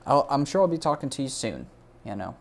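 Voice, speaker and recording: A man hosting a casual livestreamed portfolio review, excitable and jokey, gushing over the artwork. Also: mid-range voice, fast talker, gravelly, a little hiss or hum. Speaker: host of a portfolio review stream.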